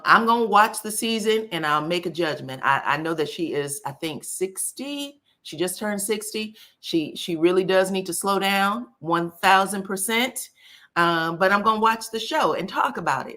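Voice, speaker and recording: Hosting a casual celebrity gossip live stream, this woman addresses viewers directly, chatting and exclaiming over their comments as she reads them. Her voice is bright, forceful and expressive, with medium pitch and a moderate pace.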